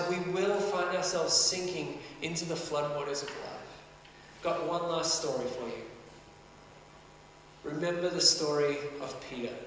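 A man's voice: on the high side, a bit bright, slight background noise. A man preaching a sermon, earnest and conversational, building emphasis as he goes. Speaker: pastor. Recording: echoey hall, mic at a distance.

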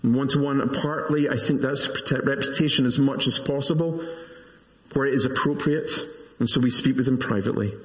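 A pastor in his forties delivers a sermon in an earnest, measured voice, now and then dropping in a self-deprecating aside. His voice sits at an ordinary middle pitch for a man. The sound rings around a large church hall with a long, roomy reverb. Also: steady tone.

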